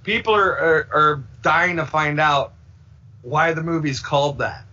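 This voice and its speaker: Lively rambling man, lo-fi sound. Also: fairly high pitch, a little slow. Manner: rambling, acts out quoted voices. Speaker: filmmaker guest. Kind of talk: casual podcast chat. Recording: dull lo-fi sound.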